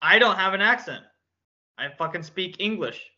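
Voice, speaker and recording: A man's voice: sits high, expressive, normal speed, sharp tone, highs cut off. A man co-hosting a casual podcast chat, joking and swearing with mock stubbornness. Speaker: podcast co-host.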